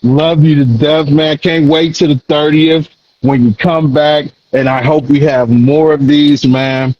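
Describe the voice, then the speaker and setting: A man's voice: fairly high pitch, fairly even intonation, unhurried, lo-fi sound, slight background noise. Hype-talking male podcast host. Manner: hype, affectionate, loose slang. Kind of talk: casual talk show chat.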